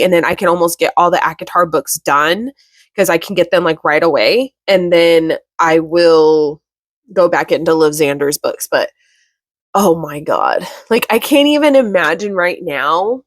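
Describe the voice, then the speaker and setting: A woman's voice: lowish voice, dry recording. Chatty young woman, dry close sound. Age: young adult. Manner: emotional, gushing, many fillers like "like". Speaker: book vlogger. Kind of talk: casual chat.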